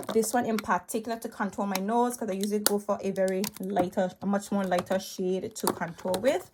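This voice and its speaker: A chatty woman reviewing her makeup in a loose, rambling way, her talk full of fillers and keen asides. She sounds a bit out of breath, recording on a tablet she holds, with a faint hiss and the odd click behind her. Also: medium pitch. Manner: rambling, enthusiastic, full of fillers like "you know" and "um". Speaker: beauty vlogger. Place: home room cluttered with makeup. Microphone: tablet held in hand.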